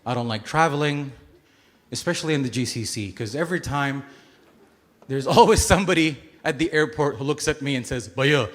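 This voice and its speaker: A man in his thirties from Bahrain performing a stand-up comedy set, telling stories with sudden loud outbursts and acted-out voices. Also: mid-range voice, brisk. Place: comedy stage before a live audience.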